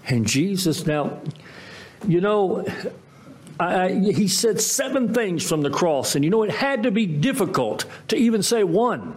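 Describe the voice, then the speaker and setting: A man preaching a sermon as pastor, emphatic, with dramatic swings in pitch. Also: big pitch swings, measured pace, a little mellow.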